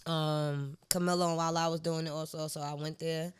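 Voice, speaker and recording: A young adult woman, a guest artist, tells stories in a casual interview, animated and slangy, acting out dialogue with laughs. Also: sits low, normal speed, smooth.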